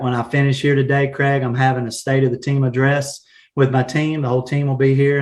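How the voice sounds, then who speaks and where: A man with a Southern accent from South Carolina, talking in a folksy, animated way with frequent laughs in a casual live-stream chat. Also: medium pitch. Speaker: guest, real estate agent.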